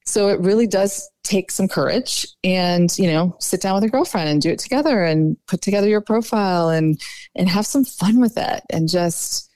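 A woman dating coach talking casually in a podcast interview, chatty and quick to say "like" and "you know.". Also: on the low side, darkish tone, no room sound.

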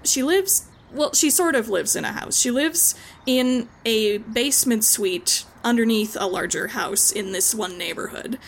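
A woman's voice: a little high, lively intonation, a little slow, gravelly. A woman narrating a tabletop game as game master, chatty and hedging with frequent likes and ums.

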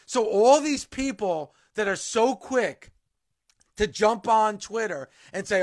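A man's voice: sits high, lively intonation, slow pace. A man co-hosting a radio talk show, insistent and repeating his point.

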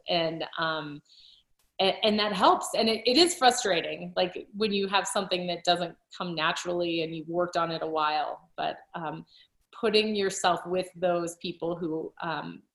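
A woman cycling coach and author talking casually in an interview, chatty, with frequent laughs, fillers and restarts. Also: on the low side. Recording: roomy echo.

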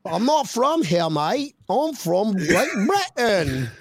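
A jokey mock-posh British gentleman, put on by an Australian man whose Australian accent keeps showing through. His voice sits well above his usual talk, lilting and overdone. It has the high, lifted sound of a tea-party caricature. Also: big pitch swings, slow, gravelly, no room sound, studio quality, heavily acted. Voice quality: exaggerated, laughing put-on accent.

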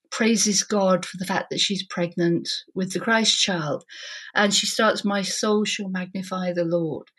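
Storytelling woman, an author and vicar. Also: mid-range voice. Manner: animated, emotional storytelling. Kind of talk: interview conversation. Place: Devon, England.

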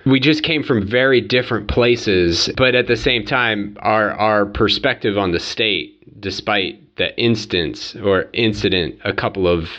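Co-host: man, low voice, measured and hesitant, muffled recording. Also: fairly bright tone. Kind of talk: conversational podcast interview.

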